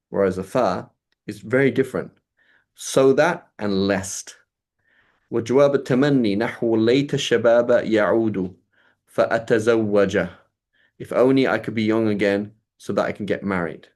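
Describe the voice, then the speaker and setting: A man's voice: on the low side, darkish tone. A man teaching Arabic grammar to a small group over a video call, explaining step by step and checking in with a frequent "right?".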